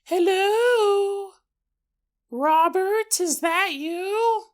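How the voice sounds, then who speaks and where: A man's voice: very high voice, very slow, pitched above the performer's own voice, exaggerated voice. A man voicing a shape-shifting alien that fakes a mother's sweet, sing-song voice to lure her son. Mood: cooing.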